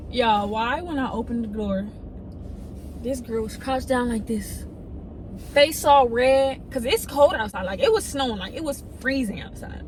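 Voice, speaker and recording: A woman's voice: a little slow, pauses often, slight background noise, rough recording. A young woman, telling a story casually and acting out the people in it. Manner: animated storytelling, quoting others in excited high voices.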